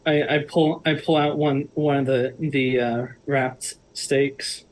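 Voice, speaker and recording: A man playing a tabletop game, speaking haltingly with repeated restarts, at times laying out rules in character. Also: medium pitch, steady tone, low-quality recording. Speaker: player.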